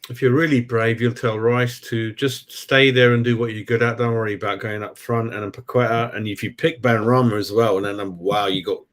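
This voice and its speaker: A man's voice: medium pitch, flat delivery, fairly quick, few pauses. A man, co-hosting a live fan stream, greeting viewers by name and firing off rhetorical questions. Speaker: fan channel co-host. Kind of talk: casual live-stream chat.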